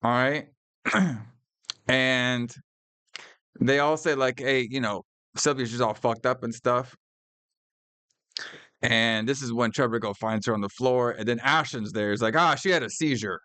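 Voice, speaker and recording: A man co-hosting a podcast, casually recapping a horror movie scene by scene, profane and animated, acting out the characters' lines. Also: medium pitch, unhurried, pauses often, smooth, no echo. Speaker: podcast co-host.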